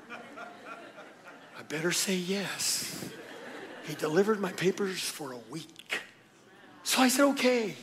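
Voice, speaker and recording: A middle-aged man preaching with a high, light voice. He tells his stories with energy, hushing some lines almost to a whisper and shouting others as he plays the people in them. This is a pastor at the pulpit in full storytelling mode. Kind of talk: sermon.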